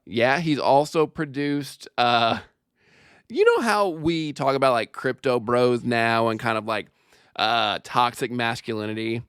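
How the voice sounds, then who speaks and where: A man hosting a podcast in casual, joking chat, animated and quick with asides, laughing often. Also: mid-range voice, smooth, no echo, studio quality. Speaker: podcast host.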